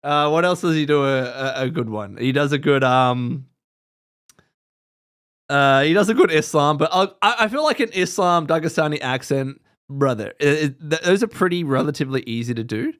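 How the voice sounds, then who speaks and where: A man's voice: a little high, lively intonation, normal speed, fairly bright tone, clear, resonant tone. A man hosting a casual podcast livestream, chatting animatedly and laughing often. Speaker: podcast host. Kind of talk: casual live-stream chat.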